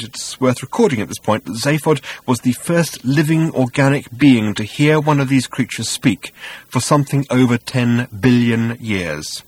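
A man reading a comic science-fiction audiobook in a wry, measured style. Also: medium pitch, breathy edge, no room sound. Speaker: audiobook narrator. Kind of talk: scripted narration.

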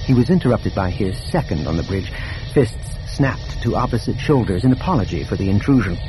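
A man narrating an audiobook in a steady, expressive reading. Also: on the low side, brisk, over music. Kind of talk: scripted narration.

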